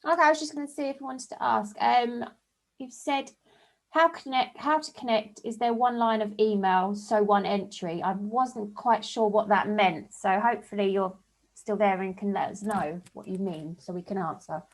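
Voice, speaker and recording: Brief: London woman, chatty meeting moderator on a video call, mid-pitched voice. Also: steady tone, normal speed.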